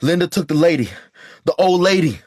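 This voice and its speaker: Panicked breathless young man, voiced by a male narrator, pitched up and pushed loud, dry booth. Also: expressive, a little fast, dry recording. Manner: panicked, blurting.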